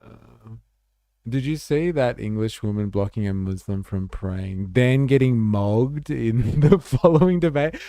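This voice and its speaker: Gravelly man, casual livestream host. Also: mid-range voice, lively intonation, measured pace, warm tone, no room sound, studio quality. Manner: blunt, swears freely, chatty with many "like" fillers. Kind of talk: casual livestream chat, reading viewer comments.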